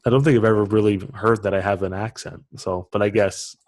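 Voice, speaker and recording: A young man from Ontario speaks with a Canadian accent in a lowish register. He hosts a relaxed podcast conversation, rambling a little and leaning on filler words. The sound is close and dry, with no room echo. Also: brisk. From Canada (London, Ontario). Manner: loose and chatty, many "like" fillers and restarts. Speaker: podcast host. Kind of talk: casual interview chat.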